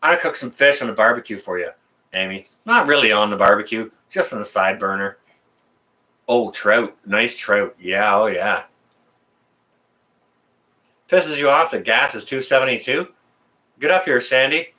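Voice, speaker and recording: A man's voice: on the low side, moderate pace, long pauses, sharp tone. A man hosting a casual live stream from his apartment, chatting and reading viewers' messages aloud. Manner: chatty, talks to viewers and reads chat aloud.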